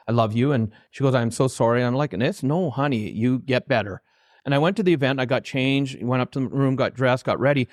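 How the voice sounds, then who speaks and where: A man's voice: medium pitch, dry recording, studio quality. Heartfelt man telling a story. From Canada. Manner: heartfelt, anecdotal, quotes his own dialogue. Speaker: author and trainer, guest. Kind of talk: storytelling in a podcast interview.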